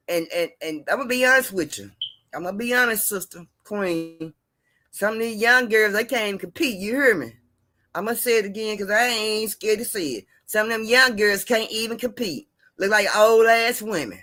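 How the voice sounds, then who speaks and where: A woman hosts a casual live stream in a bright, forceful voice. She chats loosely with her viewers, greets them by name and circles back to repeat herself. Her pitch sits in a middle range for a woman. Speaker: livestream host.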